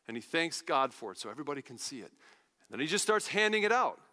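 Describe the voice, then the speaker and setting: Man, preacher, high lively voice, bright tone, hall reverb. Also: fast. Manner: animated storytelling, paraphrases Bible figures in casual voices. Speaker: pastor. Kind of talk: sermon.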